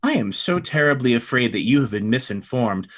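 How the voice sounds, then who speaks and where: A man's voice: mid-range voice, animated, fairly quick, fairly bright tone. A man voicing a polished, scheming woman who speaks with mock politeness in a tabletop game. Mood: mock-polite.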